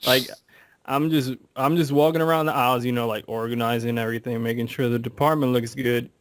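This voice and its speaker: A man on a podcast telling stories in a casual, animated way, acting out quotes and swearing freely. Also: mid-range voice, fairly quick, no room sound. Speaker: podcast co-host. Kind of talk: casual chat.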